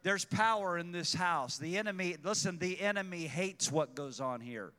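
A man's voice: sits high, normal speed, bright, forceful tone, clear, resonant tone. A man preaching a fervent sermon to his church, repeating lines for emphasis and calling out people by name. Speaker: pastor. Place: church sanctuary. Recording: long hall reverb.

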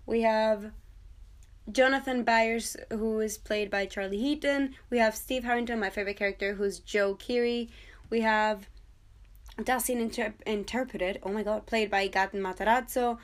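A young woman hosting a solo podcast, chatting excitedly and casually with frequent fillers. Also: medium pitch. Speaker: podcast host.

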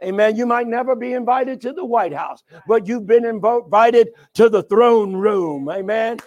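A preacher with a strikingly high voice for a man leads a sermon, calling on the congregation to answer back. He bursts into sudden shouts, then drops to a near murmur. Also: normal speed, lo-fi sound. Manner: emphatic, swings from sudden shouts to hushed asides. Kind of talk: sermon with call and response.

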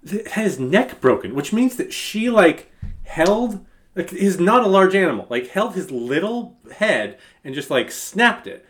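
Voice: mid-range voice, very animated, unhurried. A podcast co-host chatting casually about a movie, wry and profane. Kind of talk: casual movie review chat.

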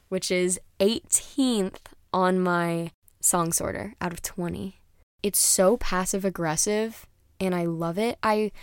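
Young woman, casual rambling chat, whispered asides, medium pitch, dry close sound. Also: a little mellow, clear, resonant tone, no echo. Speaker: music reviewer.

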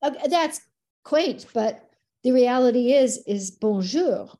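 A middle-aged woman, a dance teacher guesting on a podcast, telling stories in a lively, expressive way. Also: high voice, unhurried. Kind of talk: casual podcast conversation.

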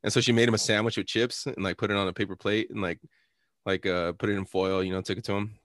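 Laid-back young man, low voice. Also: flat delivery, quick pace, a bit bright, no room sound, clean studio sound. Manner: laid-back, laughing, swearing. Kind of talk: casual storytelling chat.

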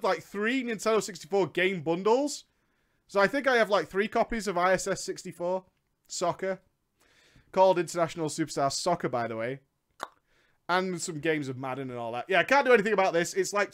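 A young man talking casually on a live stream, excitable and swearing freely, ranting in bursts. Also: high voice.

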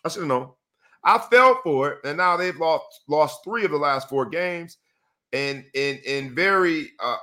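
A man hosting a casual sports talk show, emphatic and animated, repeating phrases for effect. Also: fairly high pitch.

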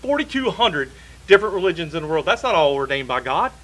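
A man's voice: fairly high pitch, big pitch swings, quick pace, a bit bright, poor audio. A man preaching a sermon in a church, emphatic and repeating key phrases for stress.

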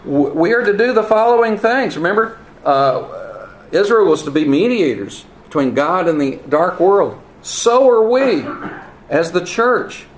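A man preaching a teaching sermon, earnest and emphatic, with wry asides and halting repeats. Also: sits high, very animated. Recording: roomy echo, faint ambience.

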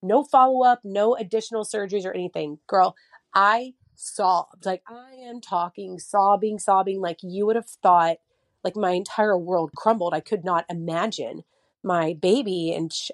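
A woman's voice: medium pitch, normal speed, no echo, studio quality. A woman in her thirties in casual podcast chat, telling stories with many fillers and acting out what others said. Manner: chatty storyteller, many fillers, acts out quotes. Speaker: mother of a child with a heart condition.

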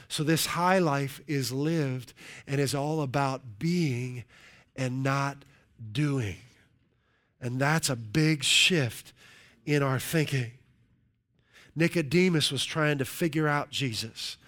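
A man's voice: mid-range voice, fairly bright tone. A male pastor preaching a sermon, stressing and stretching key words and often checking in with "right?".

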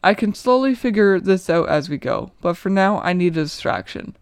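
A woman's voice: mid-range voice, animated, normal speed, clear, resonant tone, no echo, studio quality. A young woman reading her own short story aloud in the first person, with an earnest, emotional, inward delivery.

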